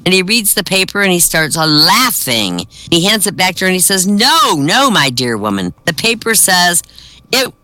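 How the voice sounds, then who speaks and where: A man works through a comedy set of old jokes with a bright, forward voice. He jumps his pitch up for the characters' quoted lines. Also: very animated, normal speed, smooth, no room sound. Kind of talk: telling jokes to an online audience.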